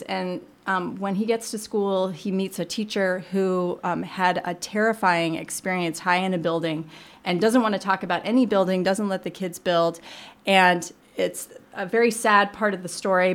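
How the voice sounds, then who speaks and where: A woman children's librarian speaking as a guest on a radio show, explaining picture books gently with frequent ums. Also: mid-range voice. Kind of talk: casual radio interview, reading aloud.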